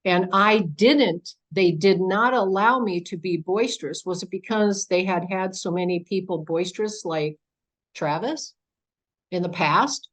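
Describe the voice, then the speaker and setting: A woman's voice: on the low side, unhurried. An older woman giving a talk about her own experiences, telling the story with animation and acting out the dialogue. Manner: animated storyteller who acts out quoted dialogue. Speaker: guest speaker. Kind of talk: personal account told to an audience. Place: home podcast studio.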